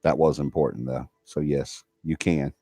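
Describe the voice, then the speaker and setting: A very low-voiced man with a drawl hosts a casual livestream, folksy and chatty as he reads comments from viewers. The sound is dry and close, with no room around his voice. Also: fairly even intonation, normal speed, dark tone, dry recording. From Alabama. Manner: chatty, folksy, laughs often. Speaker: paranormal livestream host.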